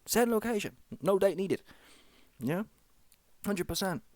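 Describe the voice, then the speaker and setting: A man's voice: sits high, expressive, measured pace, no room sound. A man hosting a comic reaction commentary, slangy and rambling, often asking "yeah?" and "see that one?". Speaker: comedy reaction host.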